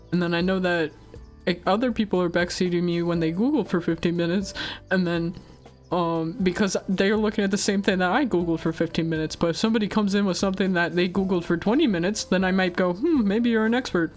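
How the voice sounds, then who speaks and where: A woman's voice: lowish voice, brisk, a little mellow, faint music behind, lightly acted. A woman doing a mocking impression of a smug, self-important know-it-all man who rambles on.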